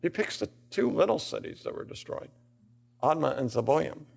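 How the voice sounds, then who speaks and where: A man's voice: on the high side, big pitch swings, normal speed, vocal fry. An older man giving a theology lecture in a classroom, reading scripture aloud and asking rhetorical questions, building to emphatic bursts.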